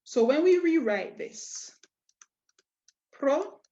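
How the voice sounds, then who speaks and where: A woman teaching a language lesson, explaining step by step with patient, drawn-out examples and rhetorical questions. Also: sits high, expressive, mellow. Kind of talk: slow, deliberate lesson explanation. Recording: dull, lo-fi audio.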